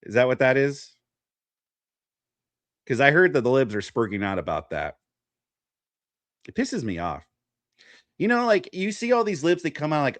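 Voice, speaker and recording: A man's voice: mid-range voice, sing-song, moderate pace, long pauses, fairly bright tone, dry recording. A man hosting a live political stream, ranting in a sarcastic, mocking way. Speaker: host. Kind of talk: casual political talk.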